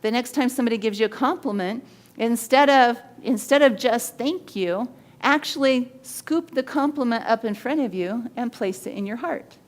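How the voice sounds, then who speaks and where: Lively woman teaching body language. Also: a little high, moderate pace. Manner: animated storyteller who acts out quoted voices. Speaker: body language expert and show host. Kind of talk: energetic teaching talk with acted-out stories.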